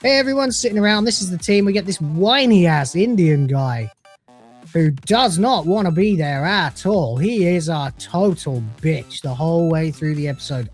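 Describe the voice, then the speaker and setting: A man's voice: a little high, animated, normal speed, soft background music. A man delivering a scornful, sarcastic review of a TV episode, swearing freely as he rants. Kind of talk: ranting review.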